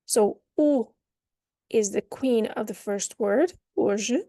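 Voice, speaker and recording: A woman teaching an online language lesson, explaining with playful metaphors and modelling phrases slowly and then at natural speed. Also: a little high, warm tone, no echo, studio quality.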